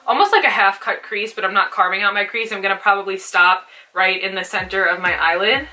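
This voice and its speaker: A woman's voice: mid-range voice, fairly quick, bright, forceful tone, far from the mic. A young woman chatting casually while doing a makeup tutorial, peppering her talk with "like". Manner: chatty, fills speech with "like". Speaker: beauty vlogger.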